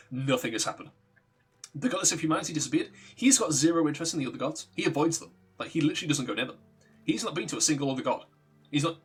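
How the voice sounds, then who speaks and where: A man's voice: medium pitch, a bit bright, slightly rough. A man streaming a game, telling a story in a rambling, casual way, swearing and laughing often. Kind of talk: casual story narration while gaming.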